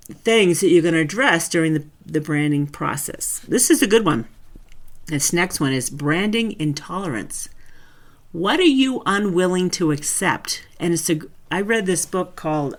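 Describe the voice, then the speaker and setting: A woman talks through a branding lesson in a casual webinar. Her delivery is loose and chatty, as if she is thinking aloud. She turns direct and emphatic when she is coaching. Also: fairly low pitch.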